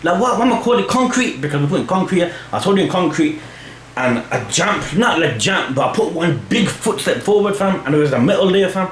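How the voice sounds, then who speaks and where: A man's voice: high voice, lively intonation, fairly quick. Slangy young man chatting to camera. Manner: slangy, rambling, full of "fam" and "you know what I mean". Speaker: channel host answering fan questions. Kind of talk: casual chat. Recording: echoey room with faint hum.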